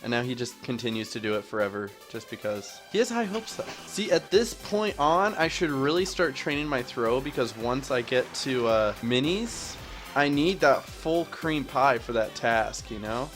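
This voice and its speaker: A man's voice: mid-range voice, animated, normal speed. A young man chatting casually over his gameplay as a YouTuber, rambling and joking at his own expense. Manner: rambling, self-mocking, chatty. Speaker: gaming YouTuber. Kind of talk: casual let's-play commentary. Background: soft background music.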